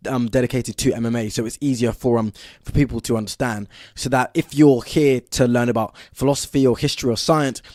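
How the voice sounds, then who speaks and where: A young man from southern England hosts his own podcast, talking straight to the listener with real excitement and plenty of ums along the way. His voice sits at an ordinary middle pitch, and the sound is dry and close, with no room echo at all. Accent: Southern English. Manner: excitable and energetic, lots of fillers. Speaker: podcast host. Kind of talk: solo podcast monologue.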